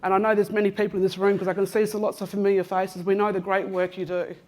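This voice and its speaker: A woman's voice: medium pitch, little pitch movement, quick pace, a little mellow. A woman in her fifties with an Australian accent, from Western Australia, speaking casually and jokily to a conference audience as she walks among them, teasing people and addressing them by name. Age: 50s. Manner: chatty and teasing, addresses people in the room directly, many "um"s. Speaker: conference speaker giving an Acknowledgement of Country. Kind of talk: casual, joking talk to a live audience. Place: large conference room, walking among the audience.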